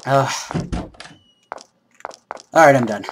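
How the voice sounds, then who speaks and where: A man co-hosting a let's play, giving casual, excitable gaming commentary full of jokes and shouts. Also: medium pitch, takes it slowly, background noise.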